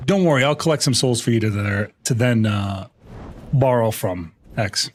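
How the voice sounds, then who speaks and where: A man's voice: medium pitch, moderate pace, a little hiss or hum. A man streaming live, chatting casually and joking playfully with his chat.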